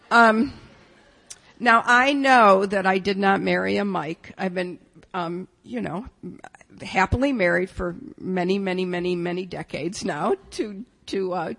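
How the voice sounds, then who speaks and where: A woman's voice: mid-range voice, vocal fry. Older woman telling a wry story in a hall. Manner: wry, self-mocking, warm asides. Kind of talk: humorous storytelling talk. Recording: long reverberant hall.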